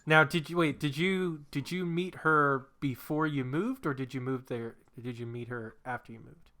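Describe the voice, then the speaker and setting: Bright-voiced chatty co-host. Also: male voice, medium pitch, moderate pace. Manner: chatty, laughing. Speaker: podcast co-host. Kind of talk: casual chat.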